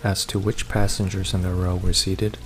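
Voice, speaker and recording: Deep-voiced man reading a horror story. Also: slight background noise. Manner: steady, measured first-person reading. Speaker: narrator. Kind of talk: scripted horror story narration.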